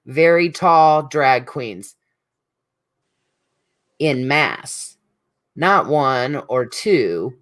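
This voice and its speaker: A middle-aged speaker, giving an emotional, rambling tribute straight to an absent friend at a support group meeting. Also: medium pitch. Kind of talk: heartfelt spoken tribute to a friend.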